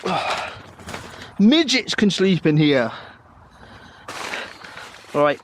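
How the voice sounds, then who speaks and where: A man with a slightly high voice, joking sarcastically about his own discomfort. He talks with dry, self-mocking wit in a casual comic vlog, recorded outdoors with a faint hiss of background noise. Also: very animated, drawn-out words. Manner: wry and sarcastic, laughs at himself. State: a bit out of breath. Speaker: vlogger. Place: outdoors at a campsite.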